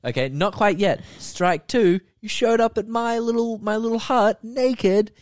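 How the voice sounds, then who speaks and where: A fed-up married lifeguard, as a man puts him on, pushed up high and strained as he lists grievances in exasperation. The voice sits well above the performer's own and sounds set back from the mic. The sound is dry. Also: a little slow, dry recording. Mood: exasperated.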